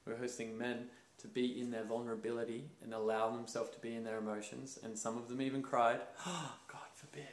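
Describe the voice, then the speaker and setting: A man's voice: mid-range voice, fast talker, hardly any pauses, slight background noise. A young man hosting a casual talk, telling stories with energy and acting out other voices. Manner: animated storytelling, acts out voices and laughs. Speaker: host. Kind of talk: casual conversation about masculinity. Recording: roomy echo.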